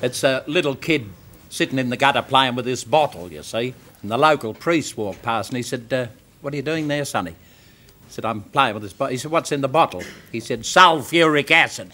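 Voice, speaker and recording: A man's voice: mid-range voice, brisk, fairly bright tone. An older Australian man telling folksy jokes on a TV variety show, slipping into characters' voices. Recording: TV studio with audience. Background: studio audience laughter.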